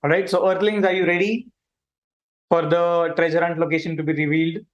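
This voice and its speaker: A man's voice: a little high, fairly quick, lo-fi sound, close to an everyday voice. A man playing a chatty alien host. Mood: cheerful. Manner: animated, chatty, addresses viewers directly. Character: friendly male alien visitor hosting a kids' stream. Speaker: livestream host. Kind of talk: playful kids' livestream hosting.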